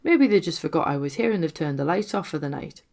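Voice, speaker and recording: A woman voicing a young man who tries to sound steady and soothing while hiding his fear in a ghost story. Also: low-pitched, fast talker, vocal fry. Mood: reassuring.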